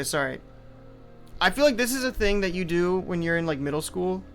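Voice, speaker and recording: A man's voice: on the high side, a bit bright. A man streaming live, reading chat aloud and riffing on it in a loose, rambling way full of "like" and trailing asides.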